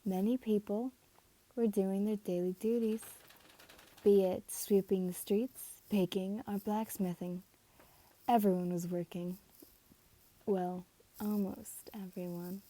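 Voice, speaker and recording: A woman's voice: medium pitch, fairly even intonation, slow, long pauses, warm tone. A woman reading a fan story aloud in a casual way, stumbling and correcting herself as she goes. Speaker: reader.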